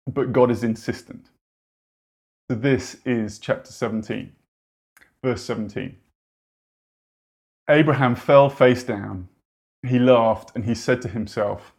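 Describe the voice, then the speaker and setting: A man's voice: mid-range voice, fairly even intonation, measured pace, pauses often, darkish tone. A man preaching a sermon in an earnest, conversational way, with wry asides.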